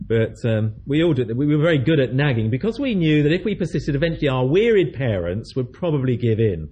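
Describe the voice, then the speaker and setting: A man's voice: medium pitch, very animated, normal speed, dark tone, breathy edge, dull audio. A man preaching a sermon, telling a story in a chatty way and acting out the voices of its people.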